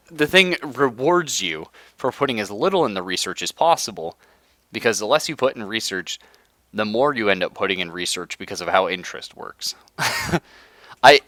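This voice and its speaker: A young man live-streaming a strategy game, hoarse from being sick, ranting in casual chat and laughing often. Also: sits low, sharp tone, no echo. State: hoarse from illness. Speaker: livestreamer.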